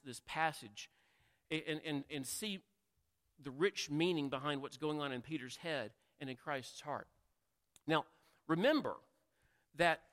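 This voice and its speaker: Bright-voiced preacher in an echoing hall. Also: male voice, fairly high pitch. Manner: conversational, asks the listeners questions, acts out quotes. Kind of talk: sermon. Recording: long reverb of a large hall.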